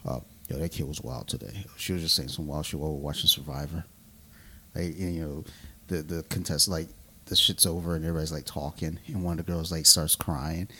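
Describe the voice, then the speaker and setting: A man's voice: very deep voice, fairly even intonation, a little fast, pushed and bright, slightly rough. A man in his thirties co-hosting a casual podcast over beers, telling loose, profane stories and laughing often. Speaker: podcast co-host.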